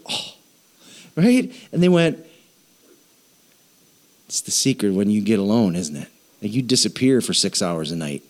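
A man preaching a sermon in an animated, conversational way, acting out quoted voices. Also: mid-range voice. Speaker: pastor.

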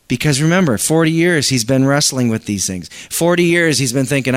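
A man's voice: on the high side, animated, moderate pace. A man preaching a conversational sermon, reading scripture aloud and asking his congregation questions. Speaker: pastor.

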